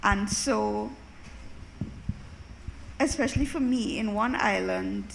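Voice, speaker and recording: A woman's voice: mid-range voice, takes it slowly, gravelly, a little hiss or hum, rough recording. A woman from Jamaica and Trinidad asking a panel an earnest, personal question from the audience. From Caribbean, Jamaica and Trinidad.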